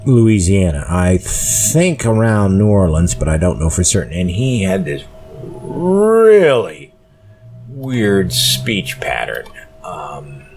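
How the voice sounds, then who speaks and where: A tired man hosting a solo podcast, talking slowly and rambling with many pauses and fillers. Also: sits low, sing-song, a little mellow, soft background music. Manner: rambling, slow, full of fillers. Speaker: podcast host. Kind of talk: casual solo podcast monologue.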